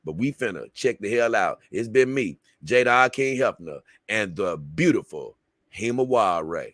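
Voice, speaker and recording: A man's voice: lowish voice, animated, measured pace, fairly bright tone, no room sound, clean studio sound. A man hosting a livestream and signing off in a loose, rambling way, calling viewers "man" and "baby.". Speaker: livestream host. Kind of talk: casual livestream sign-off.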